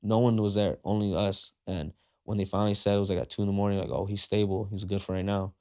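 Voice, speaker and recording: Low-voiced man telling a story casually. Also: quick pace. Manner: slangy, animated retelling that acts out quoted dialogue; frequent fillers like "like" and "uh". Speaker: podcast guest.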